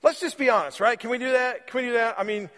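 A man preaching a sermon as pastor, conversational and repeating phrases for emphasis, slowing on key words. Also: very high voice, a bit bright, big-room sound. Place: church sanctuary.

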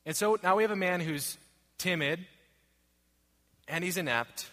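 In a long, reverberant hall, a pastor in his thirties preaches a sermon with a high, bright, forceful voice at a slightly slow pace. He is earnest and repetitive, posing rhetorical questions.

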